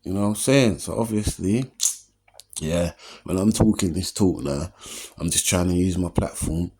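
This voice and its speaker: Deep husky man in his 40s. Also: normal speed, a little mellow. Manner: streetwise, earnest, keeps asking "you know what I mean?". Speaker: comedian hosting an opinion show. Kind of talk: casual motivational monologue.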